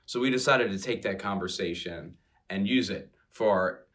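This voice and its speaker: A man's voice: fairly low pitch, moderate pace, fairly bright tone. A man hosting a casual, jokey chat about games, playful and joking around. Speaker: podcast host.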